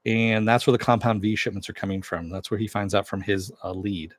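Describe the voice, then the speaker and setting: A man's voice: fairly low pitch, steady tone, fairly quick. A man recapping a TV episode in a casual, rambling monologue, retelling scenes in quoted dialogue with plenty of swearing. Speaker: TV episode reviewer.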